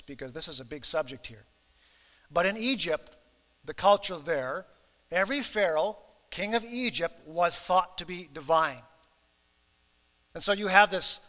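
Slow bright-voiced guy preaching, earnest, lots of echo from a big church. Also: high-pitched. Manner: earnest, emphatic, repeats key phrases. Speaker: pastor. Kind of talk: sermon.

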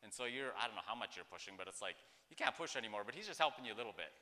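Male pastor, casual devotional talk, bright and sharp, rambling and chatty, reverberant sound. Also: fairly low pitch, animated, rapid-fire. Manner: conversational, rambling, with many fillers and acted-out quotes. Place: outdoors. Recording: echoey hall-like reverb.

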